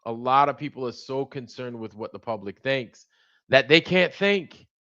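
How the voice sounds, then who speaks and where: A man's voice: medium pitch, animated, moderate pace, pushed and bright, muffled recording. A man hosting a livestream, talking casually and animatedly while acting out both sides of a conversation. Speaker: livestream host. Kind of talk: casual monologue.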